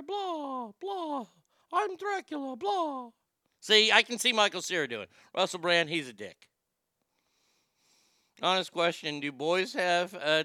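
A middle-aged man ranting comedically and profanely, swinging from loud outbursts to muttering. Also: on the high side, clean tone, no room sound, clean studio sound. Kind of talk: casual comedic rant.

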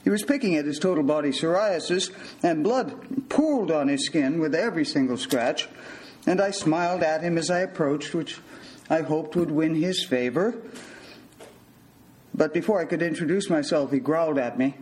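An older male physician giving a storytelling talk in a measured, wry manner. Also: a little high, a little mellow, poor audio.

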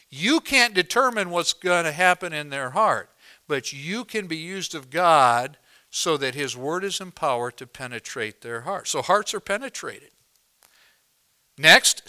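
Male pastor, fairly high and bright, clear tone, dynamic sermon delivery from quiet to loud. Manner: dynamic preaching, swings from hushed to loud emphatic.

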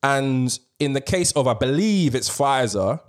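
A man hosting a casual podcast chat, animated and slangy, swearing freely. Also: mid-range voice, a little slow. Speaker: podcast host.

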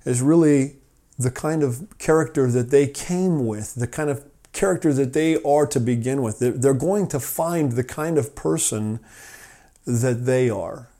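A man hosting a rescue mission podcast from his office, telling a parable in an informal sermon style, often pausing and repeating words. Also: medium pitch, dark tone. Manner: halting, repeats words while finding his way.

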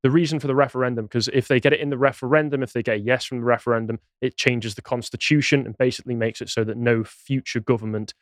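A man's voice: mid-range voice, steady tone, fast talker, hardly any pauses, dry recording. A man co-hosting a podcast, explaining political points in casual conversation. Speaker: podcast co-host.

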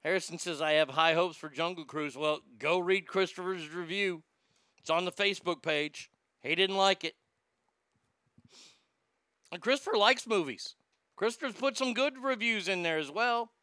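A man hosting a podcast in casual chat, reading out listener comments and ranting bluntly and profanely, swinging between loud outbursts and low mutters. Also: normal speed, pauses often, clear, resonant tone, no echo, clean studio sound. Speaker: podcast host.

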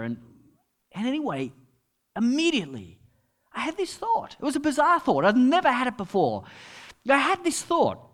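A middle-aged man preaching a sermon as pastor, telling stories and dropping to quiet asides. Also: very high-pitched, wildly swooping pitch, normal speed, pauses often. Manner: storytelling, with dramatic drops to quiet asides.

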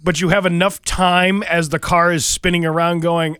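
A man's voice: fairly high pitch, level tone, moderate pace, fairly bright tone, smooth, no echo, studio quality. A middle-aged man co-hosting a morning radio show, telling stories in a rambling way full of fillers. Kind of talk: casual radio banter. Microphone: studio mic.

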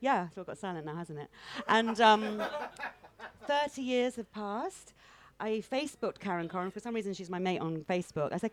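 A woman's voice: mid-range voice, animated, normal speed. A woman in her fifties, a stand-up comedian chatting on stage in a put-on mock Russian accent, bawdy and self-mocking, laughing through her lines. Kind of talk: comic chat interview on stage.

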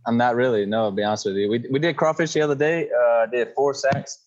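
A man's voice: medium pitch, fast talker, highs cut off. A man in his thirties from Louisiana with a Cajun accent, chatting easily as a podcast guest. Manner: easygoing, laid-back storyteller. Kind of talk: casual chat.

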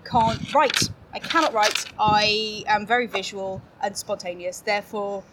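A woman's voice: mid-range voice, fairly even intonation, a little slow, heavy background noise. A woman guest on a podcast, chatting casually and laughing often as she pokes fun at herself. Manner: bubbly, laughs often, self-mocking. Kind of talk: casual interview chat.

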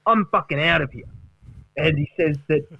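Brash Aussie ex-footy star, bragging and swearing, pitched up high, as a man puts him on; dull dry sound. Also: moderate pace, vocal fry, husky, no echo. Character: brash boastful middle-aged male ex-footballer.

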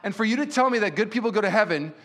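Male pastor, high voice, animated sermon storyteller in a church. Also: rapid-fire. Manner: animated storyteller who acts out quotes.

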